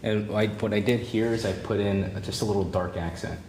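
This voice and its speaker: A man teaching a drawing demonstration, relaxed and encouraging, thinking aloud as he draws and repeating key points. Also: lowish voice, fairly quick. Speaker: art teacher. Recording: roomy with faint background noise.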